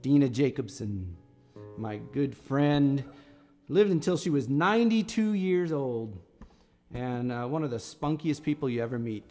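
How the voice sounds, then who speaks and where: A man's voice: mid-range voice, sing-song, unhurried, dark tone, big-room sound, faint music behind. A middle-aged man, a singer-songwriter on a live stream, telling a story in a casual and rambling way with many restarts. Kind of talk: casual spoken storytelling between songs.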